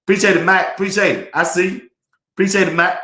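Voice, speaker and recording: His high, bright voice sounds pushed yet steady, and he talks quickly. He's hosting a live sports talk stream from an echoey room, laughing often and chatting freely over viewer comments.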